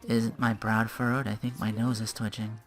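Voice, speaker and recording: A woman doing a deadpan, emotionless ninja girl. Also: extremely low pitch, moderate pace, faint music behind. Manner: flat, monotone, understated.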